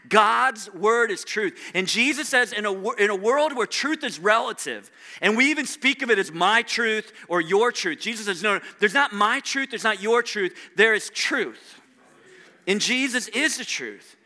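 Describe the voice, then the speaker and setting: High, sharp-toned middle-aged male pastor. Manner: conversational preaching with rhetorical questions to the room. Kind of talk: sermon.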